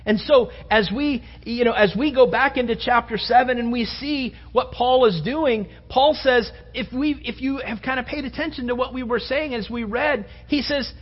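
A male pastor preaching a sermon with fervor, repeating phrases for emphasis and swinging between loud and soft. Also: very high-pitched, moderate pace, hardly any pauses. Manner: fervent, repeats phrases for emphasis, rising and falling delivery. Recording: dull lo-fi sound with long hall reverb.

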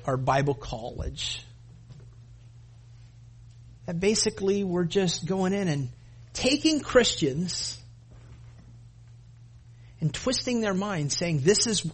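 A man's voice: high-pitched, slightly rough. A man preaching a sermon as a pastor, speaking emphatically, building intensity and addressing the congregation directly. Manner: calls the congregation "gang", acts out voices.

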